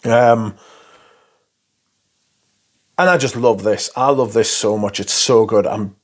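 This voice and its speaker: Enthusiastic sweary man, unhurried. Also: fairly low pitch. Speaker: fragrance reviewer. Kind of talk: casual chat.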